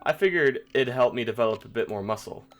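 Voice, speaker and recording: A man voicing a stiff, awkward dad in a dating game, speaking in a slow, stilted, robotic way. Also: medium pitch, animated, a bit bright.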